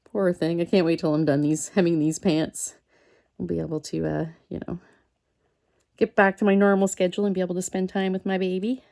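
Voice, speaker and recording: A chatty woman talks through a crafting session, wandering from story to story and muttering to herself as she tapes things down. Her voice sits a little low, with a gravelly edge and a mellow, dark tone. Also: level tone, fairly quick. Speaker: crafting video host. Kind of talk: casual chat while crafting.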